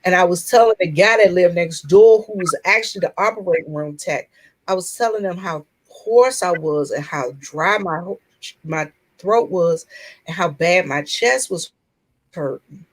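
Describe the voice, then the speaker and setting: A woman's voice: on the low side, poor audio. Earnest woman sharing her own story. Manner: earnest and open, with halting restarts. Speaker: chat room participant. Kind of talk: personal storytelling in a casual group chat.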